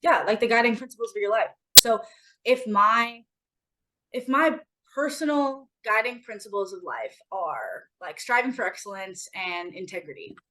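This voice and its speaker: A woman in a relaxed podcast conversation, talking with emphatic, motivational conviction. Her voice sits at a middle pitch, and she drops the odd curse word in passing. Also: moderate pace, slight background noise, rough recording. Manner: emphatic, motivational, swears casually. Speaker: podcast co-host. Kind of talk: casual chat.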